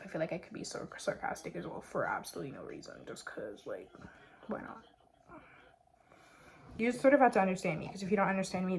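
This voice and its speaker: A woman's voice: medium pitch, slight background noise. A young woman chatting casually while doing her makeup, sarcastic and full of "like" fillers. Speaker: beauty vlogger. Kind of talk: casual get-ready-with-me chat.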